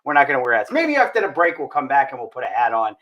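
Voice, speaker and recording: Male talk host, lively swooping delivery, joking, tripping over words. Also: mid-range voice, very fast. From northern United States. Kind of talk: casual chat.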